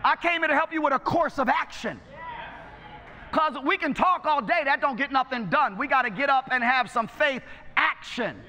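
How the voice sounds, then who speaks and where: High-voiced bright preacher man. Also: moderate pace, in a large hall. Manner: exhorting, calls out to the congregation. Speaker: pastor. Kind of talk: sermon. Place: church sanctuary.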